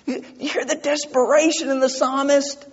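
A male pastor preaching a sermon, emphatic, asking his congregation rhetorical questions and reading scripture slowly. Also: extremely high pitch, little pitch movement. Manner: reads scripture slowly and deliberately. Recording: dull lo-fi recording with long hall reverb.

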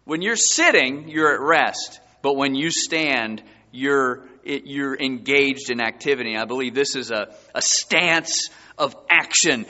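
A man preaching a sermon as a pastor, his voice surging high and loud for emphasis. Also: a little slow. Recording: dull sound with long hall reverb.

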